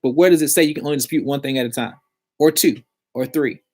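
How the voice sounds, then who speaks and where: A man's voice: mid-range voice, fast talker, darkish tone. A man giving blunt, slangy advice in a casual vlog about credit repair.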